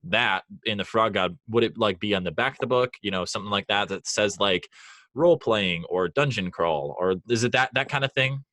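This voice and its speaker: A man's voice: fairly low pitch, normal speed, fairly bright tone, no echo. A young man hosting a casual interview, talking in a friendly way with lots of fillers and easy laughter. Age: young adult. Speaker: podcast host.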